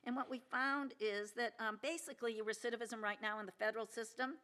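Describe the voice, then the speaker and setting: A woman's voice: a little high, steady tone, brisk, sharp tone, clear, resonant tone. Earnest older woman giving a keynote. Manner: earnest, emphatic, many restarts and fillers; asks the audience questions. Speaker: keynote speaker, federal judge. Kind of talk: conference keynote speech. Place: lecture hall at a law symposium.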